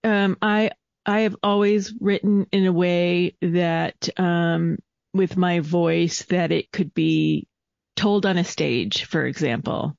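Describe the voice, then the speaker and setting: A woman's voice: fairly low pitch, steady tone, slow, gravelly, a little mellow, dry recording. A woman co-hosting a podcast in casual chat, with many ums and frequent laughter. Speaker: podcast co-host. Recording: dull lo-fi dry audio.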